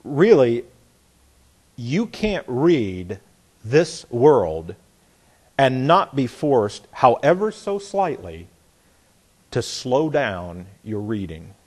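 Folksy husky male Bible teacher. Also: medium pitch, very animated, slow pace. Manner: folksy, repeats phrases, demonstrates by reading aloud. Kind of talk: sermon teaching.

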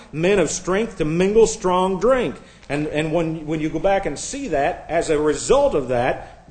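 A man with a high voice preaches through a Bible passage, reading scripture with force and breaking off into sarcastic asides. His words ring in an echoey room. He restarts phrases often as he teaches. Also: a little mellow.

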